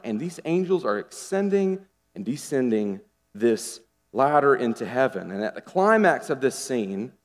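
A man delivers a sermon in a slightly high voice, chatty and animated, throwing rhetorical questions at his listeners. His voice rings out with the long reverb of a large church sanctuary. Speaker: pastor.

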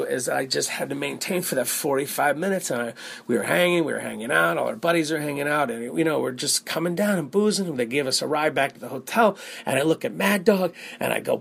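Man, comedy podcast host, gravelly voice, a bit high, rambling, profane storytelling. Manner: rambling, profane, animated storytelling with quick asides. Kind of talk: casual storytelling monologue.

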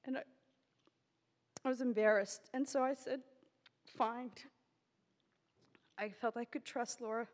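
Woman storyteller, slightly high voice, animated, acts out voices; long hall reverb. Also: normal speed, pauses often. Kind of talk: personal storytelling.

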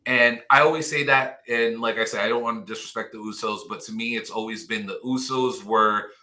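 A man's voice: on the low side, steady tone, fairly quick, pushed and bright. A man talking casually on a podcast, rambling with lots of "you know" and fan enthusiasm. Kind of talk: casual chat.

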